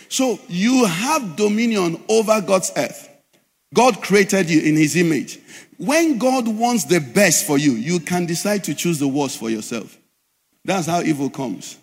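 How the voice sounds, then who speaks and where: High-voiced preaching pastor in echoey hall. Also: male voice. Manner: preaching with call-and-response questions to the congregation. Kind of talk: sermon.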